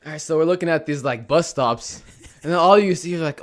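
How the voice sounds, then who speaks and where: A man's voice: a little high, a little fast. A young man on a podcast as a guest, joking and chiming in during casual storytelling. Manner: joking, chiming in with short remarks.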